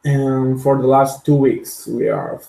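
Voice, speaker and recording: Slow, gravelly man. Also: mid-range voice, steady tone, mellow. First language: Hebrew. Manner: halting, searching for words. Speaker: podcast co-host. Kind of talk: casual podcast discussion. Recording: echoey room sound.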